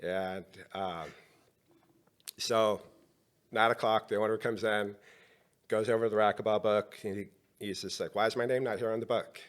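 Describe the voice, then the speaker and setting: Man, middle-aged, low voice, podcast guest, storytelling, acts out dialogue. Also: moderate pace, long pauses. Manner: animated storyteller acting out dialogue.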